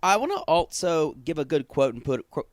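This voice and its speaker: A man co-hosting a podcast, recapping reality TV in a casual, animated, blunt and profane way. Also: on the high side, fairly quick, a little hiss or hum. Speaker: podcast co-host. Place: podcast studio.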